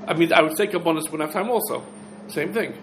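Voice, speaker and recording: Man, halacha lecture, asks and answers his own questions, slightly high voice, roomy echo. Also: fast talker, background noise. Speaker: Torah teacher. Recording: echoey room with faint ambience.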